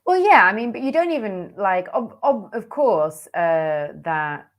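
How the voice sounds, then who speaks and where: A woman's voice: mid-range voice, very animated, a little slow. A woman co-hosting a political chat, talking in an emphatic, conversational way with plenty of fillers.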